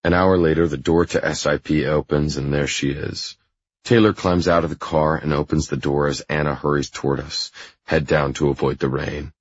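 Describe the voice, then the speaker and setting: A man narrating a first-person audiobook in a low, intimate, even reading style. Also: normal speed, breathy edge, lo-fi sound.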